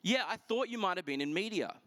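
A man doing an excited chatty young woman. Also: sits high, quick pace, voice pushed up.

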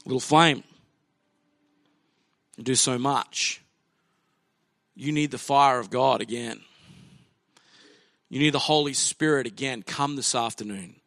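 A man's voice: medium pitch, slow, long pauses, a bit bright, no room sound, studio quality. A man preaching a sermon in a church, telling a personal story in a chatty anecdotal way and acting out the voices of people in it. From Australia.

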